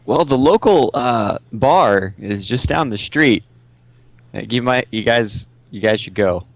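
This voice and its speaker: A man narrating as game master in a tabletop game, halting with many ums and uhs. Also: mid-range voice, animated, no echo.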